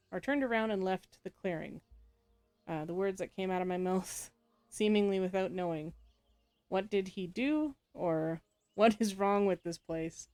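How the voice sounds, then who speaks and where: A woman's voice: on the low side, darkish tone, clean tone. A woman playing a story game, reading its text aloud and adding casual comments, often laughing and correcting herself. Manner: frequent laughs and self-corrections while reading. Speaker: game player.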